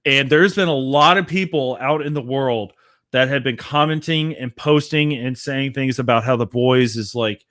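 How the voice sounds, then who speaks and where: A man's voice: mid-range voice, moderate pace, fairly bright tone. A man hosting his own show, ranting casually with lots of swearing and constant fillers. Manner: profane, rambling, filler-heavy. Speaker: podcast host. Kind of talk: casual rant.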